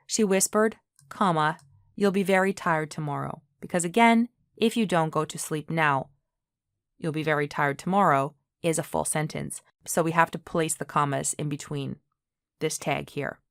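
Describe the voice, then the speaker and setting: A woman with a low voice teaches English grammar online, working through examples one by one. She explains patiently and often pauses to check in with the viewer. Her voice sounds close and dry, with no room echo. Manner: clear, patient explaining with frequent "okay?" checks.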